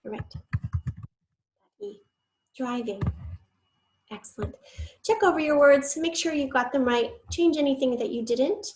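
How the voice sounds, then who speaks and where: A woman's voice: high voice, lively intonation, unhurried, long pauses, darkish tone. A woman teaching a spelling lesson, patient and encouraging, sounding words out syllable by syllable.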